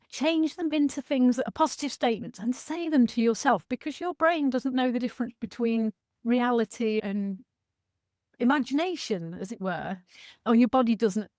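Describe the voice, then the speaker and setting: A woman's voice: a little high, a little mellow, dry recording, studio quality. A woman in her sixties, talking frankly and animatedly as a sobriety coach on a video call, laughing easily. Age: 60s. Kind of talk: casual talk on a video call.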